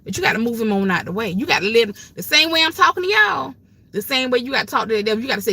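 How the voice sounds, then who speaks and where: A woman's voice: fairly high pitch, big pitch swings, racing, gravelly, sharp tone, husky. An older woman with grandchildren, hosting a livestream and giving emphatic, folksy, preachy advice in a casual way. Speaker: livestream host.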